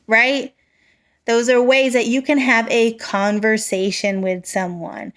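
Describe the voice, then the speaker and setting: Woman teaching young children, slightly high voice. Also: level tone, a bit bright. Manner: slow, clear, encouraging teacher talk with many examples.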